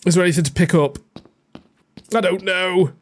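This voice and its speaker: A woman giving let's play commentary on a horror game, jumpy and swearing, with frightened yelps and shouts. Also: fairly low pitch, normal speed, slight background noise. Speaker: gaming video creator.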